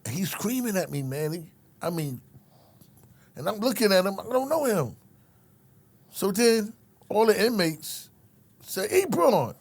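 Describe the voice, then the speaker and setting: His voice is high-pitched and expressive, unhurried, broken by long pauses. A middle-aged man who used to be a correctional officer, he tells a story in a casual chat with streetwise swagger and plenty of profanity, repeating the listener's name and acting out each character.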